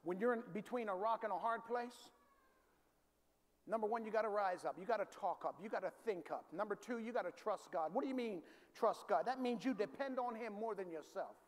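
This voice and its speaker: A male pastor from the preaching a sermon in a large church, calling for responses and rising to shouts. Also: high-pitched, fairly quick. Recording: reverberant hall, faint ambience.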